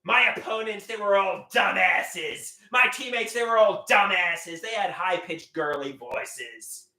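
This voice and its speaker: Loud, crude man shouting through improvised songs. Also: high voice, animated, unhurried, gravelly. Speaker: livestream host. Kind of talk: rambling live stream with improvised songs. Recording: roomy echo.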